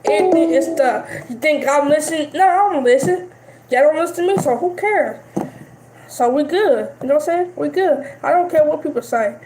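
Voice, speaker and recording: High-pitched woman streamer, defiant, keeps repeating herself, echoey room, faint music. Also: a little mellow, a little hiss or hum. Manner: defiant, repetitive, dismissive. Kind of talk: live-stream rant.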